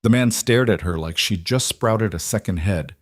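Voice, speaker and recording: A man narrating a story in a measured, scripted audiobook style. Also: on the low side, no room sound, clean studio sound.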